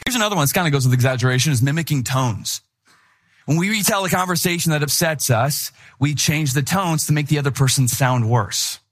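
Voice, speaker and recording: A middle-aged man preaching in a lively, chatty way, voice pitched slightly higher than most men's. He slips into playful impressions of people as he goes. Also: a little fast. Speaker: pastor. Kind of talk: sermon.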